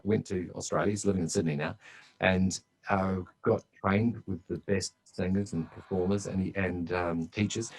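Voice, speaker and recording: A man's voice: low voice, darkish tone, rough recording. A man speaking as a guest on a podcast interview, telling stories in a chatty, enthusiastic way.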